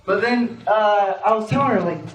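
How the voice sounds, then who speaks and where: Stand-up comic, man, high bouncy voice, taped from far off in an echoey, noisy little theatre. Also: moderate pace. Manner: animated, jumps into high squeaky voices for quoted people. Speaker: amateur stand-up comedian. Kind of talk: stand-up comedy routine. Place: small theatre stage.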